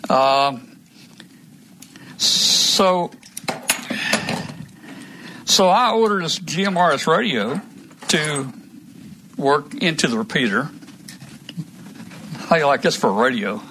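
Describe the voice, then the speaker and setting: A man's voice: on the high side, expressive, slow, pauses often, noisy background. Rambling man on a hobby live stream. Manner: rambling, restarts often, trails off. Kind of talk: casual live stream chat.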